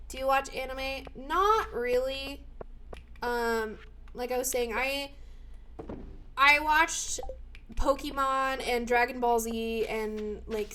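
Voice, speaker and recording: A young adult woman streaming a game live, with a slightly high voice and an unhurried, drawn-out delivery. She is loud and excitable, swearing freely and breaking into shouts. A faint hiss sits under her voice. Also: rough recording. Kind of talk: casual live-stream chat while gaming.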